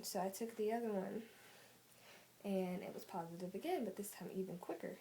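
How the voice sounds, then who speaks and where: A teenage girl chatting straight into her phone camera in a loose storytime vlog, full of "like" and "um" fillers. Her voice is mellow and sits at an ordinary pitch for a young woman. Faint noise hums under the recording. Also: lively intonation, normal speed, vocal fry, long pauses, rough recording. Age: teens. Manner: rambling, many "like" and "um" fillers. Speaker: vlogger.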